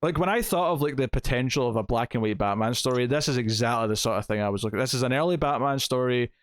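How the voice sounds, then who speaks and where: Speaking at a quick pace in a medium-pitched voice, a man co-hosting a comics podcast casually runs through a comic's plot. He chats along with plenty of fillers and acted-out quotes, and there's no room sound.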